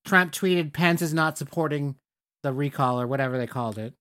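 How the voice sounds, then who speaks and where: A podcast co-host with a mid-range voice, chatting casually. They tell stories in an animated way and act out the people in them. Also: mid-range voice, brisk. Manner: animated storytelling, quotes people. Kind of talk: casual chat.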